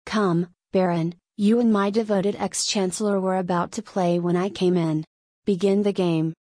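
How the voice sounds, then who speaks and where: A woman's voice: medium pitch, steady tone, moderate pace, warm tone, no room sound, studio quality, natural voice. A woman reading the lines of a stern male king who gives cold, authoritative orders in a storybook. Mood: commanding.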